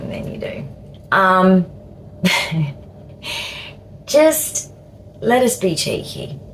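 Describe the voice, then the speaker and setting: Aussie lady in her 50s vlogging, slow and halting, repeats herself, faint background hum. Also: mid-range voice, vocal fry, low-quality recording. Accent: Australian. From Australia. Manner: slow, halting, repeats words, cheeky asides. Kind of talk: casual talk to camera.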